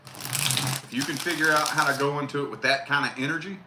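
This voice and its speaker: A man's voice: a little high, steady tone, brisk. A man giving casual live tarot readings, blunt and profane, repeating his key phrases. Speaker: tarot reader. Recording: roomy echo with faint noise.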